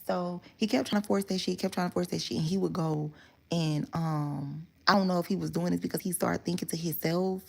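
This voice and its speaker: A woman with a low voice and a gravelly edge rambles through a personal story for her viewers. She talks candidly and swears freely, circling back and correcting herself as she goes. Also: fairly even intonation, fairly quick, darkish tone. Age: adult. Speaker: vlogger telling a story. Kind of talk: casual story time monologue.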